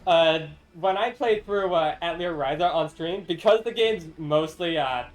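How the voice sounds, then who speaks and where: A man's voice: on the high side, normal speed, rough recording. A man streaming a game, chatting casually with a friend and laughing often between rambling asides. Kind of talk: casual gameplay chat.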